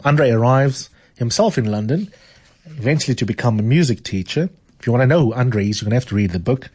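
A man hosting a radio book show. He chats with callers and reads passages aloud in a relaxed way, often restarting his sentences. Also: medium pitch. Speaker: radio host. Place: radio studio.

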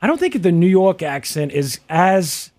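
A man's voice: high voice, very animated, unhurried, vocal fry, darkish tone. A man with a Midwestern American accent, co-hosting a casual chat, musing aloud with lots of fillers and restarts. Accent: General American Midwest. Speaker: co-host.

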